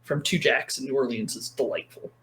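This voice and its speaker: A woman's voice: rumbling low, fairly even intonation, brisk, a bit bright. A woman chatting as a podcast guest, rambling along and correcting herself as she talks. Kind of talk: casual chat.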